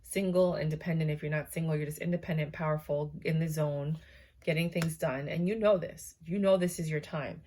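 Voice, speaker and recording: A woman's voice: low-pitched, steady tone, fairly quick, a little mellow. A woman giving a casual, chatty tarot reading to her viewers, tired and yawning, with many fillers and asides. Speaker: tarot reader.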